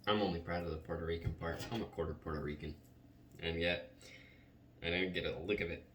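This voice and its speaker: A man's voice: deep voice, fairly even intonation, a little fast, fairly bright tone. A man giving a casual tarot reading in a chatty, rambling way, often saying "like.". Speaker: tarot reader. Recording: roomy, distant mic, faint noise.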